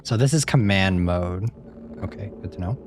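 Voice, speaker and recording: A man's voice: low voice, normal speed, darkish tone, a little hiss or hum. A man casually commenting while he plays a horror game, wry and reading prompts aloud. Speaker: streamer playing a game. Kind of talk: casual let's-play commentary.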